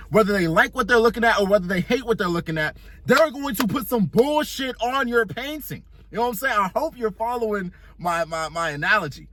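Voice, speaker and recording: A man's voice: sits high, a bit bright, dry recording. A young man giving a casual motivational monologue, blunt and profane, talking in slang and working through a long analogy. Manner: explains with an extended analogy. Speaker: self-improvement vlogger.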